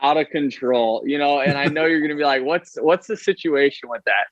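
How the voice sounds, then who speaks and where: Chatty young ballplayer, dull dry sound. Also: male voice, on the high side, no echo. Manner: fast, chatty, lots of fillers and "right?". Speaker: baseball player guest. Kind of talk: casual podcast storytelling.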